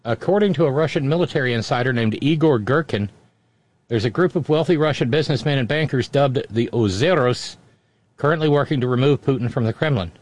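A man with a mid-pitched, ordinary voice reads news items as a show host. He keeps stopping to poke fun at them with wry, mocking asides. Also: no room sound. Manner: wry, mocking, quick interjections. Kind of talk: reading news with sarcastic asides.

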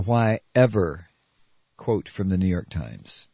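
A man giving sarcastic political commentary while reading a news article, with mocking asides. He swings from shrill mock surprise to low muttering. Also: very animated, a little slow, vocal fry, slightly rough, dry recording. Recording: dry, dull lo-fi audio.

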